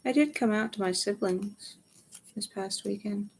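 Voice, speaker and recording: A woman's voice: medium pitch, a little slow, creaky, a little mellow, slight background noise. A young adult woman talking frankly to camera in a rambling personal vlog. She sounds tired, swears freely, and often sinks into a near whisper. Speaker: vlogger. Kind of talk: candid personal vlog monologue.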